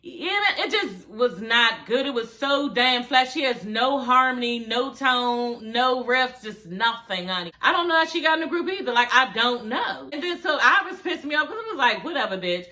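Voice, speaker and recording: A woman's voice: a little high, animated, moderate pace, hardly any pauses, pushed and bright. A woman giving a blunt, sassy, casual reaction review of a TV show, swearing freely. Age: adult with a daughter.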